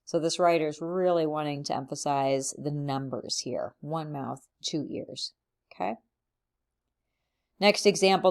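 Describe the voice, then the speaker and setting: Lowish-voiced woman teaching a writing rule. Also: moderate pace, darkish tone. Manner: clear, methodical, reads example sentences aloud. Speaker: writing instructor. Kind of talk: instructional explanation.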